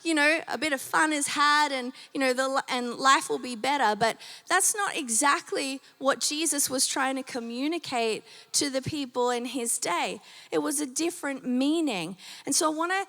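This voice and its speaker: A woman's voice: high voice, moderate pace, few pauses, sharp tone, in a large hall. A woman pastor preaching a sermon in a conversational way, with many fillers and questions to the congregation, her voice a little strained. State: slightly strained voice. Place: church auditorium.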